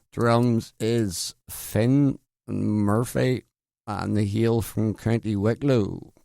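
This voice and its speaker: A man's voice: on the low side, vocal fry, a little mellow, no room sound, clean studio sound. A man hosting a late-night radio show in casual chat, rambling and self-deprecating, stumbling over names. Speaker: radio host. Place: radio studio.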